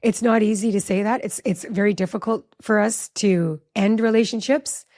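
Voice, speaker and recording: A woman in her forties, a relationship educator, telling a personal story in an animated, chatty way with lots of "like" in a podcast interview. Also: mid-range voice, normal speed. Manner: animated, chatty, heavy use of "like".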